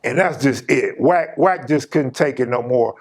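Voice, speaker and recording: A man's voice: mid-range voice, moderate pace. A man hosting his channel, casually telling a personal story in an emphatic, slang-heavy way.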